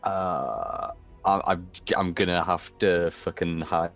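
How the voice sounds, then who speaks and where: A man with a deep, low voice plays a tabletop role-playing game. He is hesitant and swears casually, and faint music plays behind him. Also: fairly even intonation, takes it slowly, fairly bright tone. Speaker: player.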